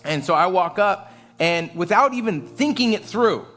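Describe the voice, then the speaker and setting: Animated male pastor telling a story. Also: sits high, moderate pace, soft background music. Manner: animated, self-mocking humor with frequent chuckles. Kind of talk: storytelling sermon. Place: church service.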